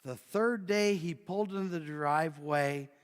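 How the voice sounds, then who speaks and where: A man preaching and telling a story, swinging from loud bursts to near whispers. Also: fairly high pitch, moderate pace, clean tone. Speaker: pastor. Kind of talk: sermon storytelling. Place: church sanctuary. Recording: long church hall reverb.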